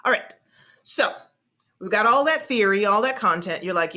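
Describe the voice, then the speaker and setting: A woman speech instructor teaching an online class, hesitating often and slowly stretching out vowel sounds as she demonstrates them. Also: mid-range voice, animated, bright, forceful tone, muffled recording. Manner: hesitant, with frequent fillers and restarts.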